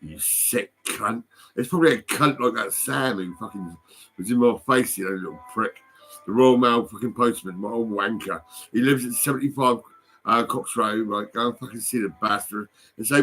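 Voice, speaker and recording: A man's voice: on the low side, normal speed, a bit bright, soft background music. An older British man with a British accent in an angry, rambling vlog rant, swearing, threatening and mocking someone, recorded on a phone. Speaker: vlogger.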